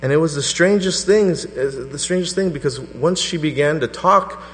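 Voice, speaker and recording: Man, pastor, middle-aged, animated sermon storytelling, echoing hall, faint mains hum. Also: normal speed. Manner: animated storytelling, voice rising to a high pitch in quoted prayers.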